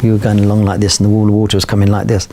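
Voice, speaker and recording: Older man from London spinning a rambling yarn, quick and gravelly, low voice. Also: slight background noise. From London, England. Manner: rambling, animated, many fillers and restarts. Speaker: photographer guest. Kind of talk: anecdotal storytelling.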